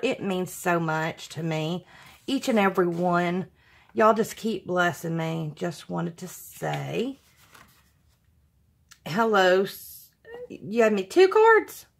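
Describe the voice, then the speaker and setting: Gushing woman, slow and warm-hearted. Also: fairly low pitch, gravelly. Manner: gushing, exclaiming often. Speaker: craft channel host. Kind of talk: casual unboxing vlog.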